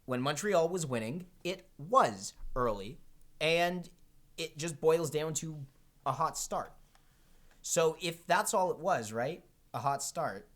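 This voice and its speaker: A man's voice: on the high side, expressive, slow pace, a bit bright. A man co-hosting a podcast, chatting casually about sports in a joking, teasing way. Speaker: podcast co-host.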